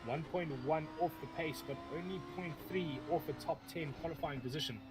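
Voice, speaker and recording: A man's voice: on the high side, a little fast, over music, rough recording. A man giving live sim racing commentary, rambling, often correcting himself and joking as he goes.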